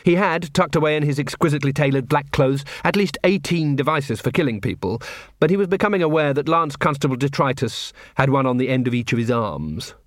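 A man narrating an audiobook in a wry, expressive storytelling manner. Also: mid-range voice, brisk, dry recording, clean studio sound. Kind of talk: scripted narration.

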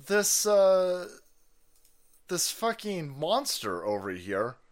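Male streamer host, foul-mouthed ranting commentary, bright edgy tone, pitch swinging wide. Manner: profane, mocking, loud outbursts. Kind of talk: livestream commentary rant.

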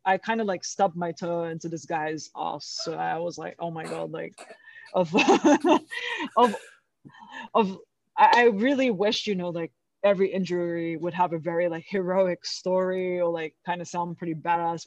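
A woman's voice: lowish voice, moderate pace, dry recording. A woman guest in a casual interview, rambling with lots of fillers and frequent laughter. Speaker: guest, jiu-jitsu athlete.

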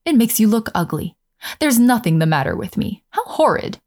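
A woman's voice: medium pitch, animated, moderate pace, creaky, a little mellow. A woman voicing a young boy who has turned cold and mocking, speaking in a sneering, petulant way.

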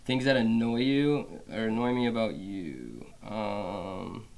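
A man's voice: on the low side, takes it slowly, vocal fry, darkish tone. A young man hosting a podcast, chatting in a brash, joking way and swearing a lot. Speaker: podcast host. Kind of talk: casual crude banter.

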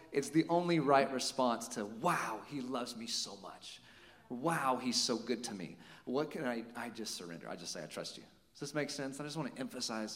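A young adult man, the lead pastor, speaking casually to his congregation with lots of "you know" and "like". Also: fairly high pitch. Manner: casual, warm-hearted, many fillers like "you know" and "like". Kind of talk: church announcements and exhortation. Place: church sanctuary. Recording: long hall reverb.

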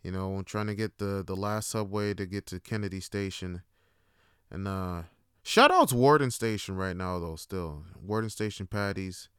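Brief: young male host, casual storyteller, bright tone, dry close sound. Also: low voice, moderate pace, clean tone, no echo. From Toronto, Canada. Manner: profane, laughing anecdotes; acts out other people's lines. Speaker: podcast host.

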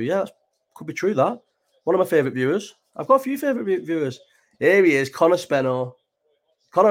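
A man's voice: fairly high pitch, darkish tone. A young man from England hosting a late-night livestream, chatting in a loose, sweary, rambling way with many restarts. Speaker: livestream host. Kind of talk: casual chat.

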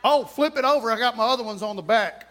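A man's voice: extremely high pitch, fast, fairly bright tone. A man preaching a sermon, emphatic and repetitive, with touches of humor.

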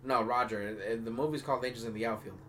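A man's voice: medium pitch, steady tone, fast, a bit bright. A man hosting a sports podcast, telling stories in a rambling, profane way full of "like" and acted quotes. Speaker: podcast host. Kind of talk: casual chat, storytelling.

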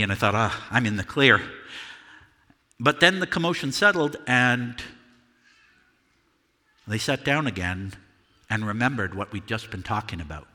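Peter, a man playing a remorseful apostle, delivers a first-person dramatic monologue at a church service, voicing Apostle Peter, the fisherman recounting his denial. His voice is on the high side and sharp, echoing as in a large hall within the sanctuary. He sounds tense, earnest and confessional, halting with repeated words.

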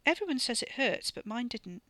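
A woman's voice: fairly high pitch, very animated, normal speed, bright, forceful tone, no room sound, voice pushed up. A woman voicing a shaken, anxious young man in an audiobook, tense and uneasy.

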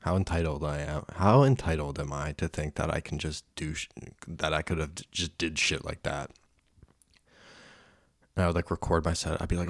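A man's voice: very deep voice, steady tone, moderate pace, gravelly, dry recording, clean studio sound. A young man hosting a casual solo podcast, rambling and self-deprecating, swearing often. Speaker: podcast host.

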